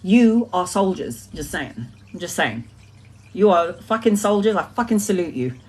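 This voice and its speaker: A woman's voice: on the low side, lively intonation, normal speed, darkish tone, slightly rough. A woman giving a casual spiritual monologue, blunt, emphatic and full of swearing. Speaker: tarot reader.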